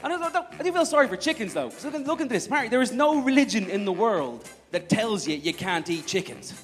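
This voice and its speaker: A man's voice: high voice, sing-song, quick pace, fairly bright tone. A man performing a stand-up routine on stage, delivering one-liners. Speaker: stand-up comedian. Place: comedy club stage. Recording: live stage recording with reverb, faint music.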